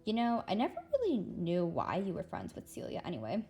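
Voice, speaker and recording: A woman's voice: on the low side, huge pitch swings, a little fast, gravelly, warm tone, soft background music, heavily acted. A woman voicing an easygoing, teasing teenage boy who talks bluntly, in a read-aloud of a children's novel.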